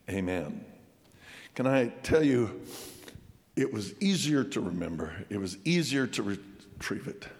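Folksy preacher in an echoing hall. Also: male voice, fairly low pitch. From Colorado, USA. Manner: folksy, halting storyteller who drops to a hush at emotional points. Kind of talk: sermon with a personal childhood story.

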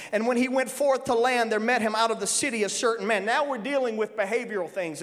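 A male preacher delivering an emphatic sermon in a folksy way, breaking into shouts at times. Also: very high voice. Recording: long reverb of a large hall.

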